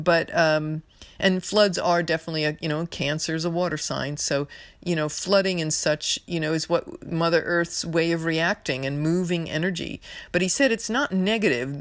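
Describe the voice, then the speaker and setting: Low-voiced and recorded without echo, this woman from New York talks through her astrology podcast in a casual, spiritual monologue. She meanders, uses lots of filler words, and comes across as sincere and emotional.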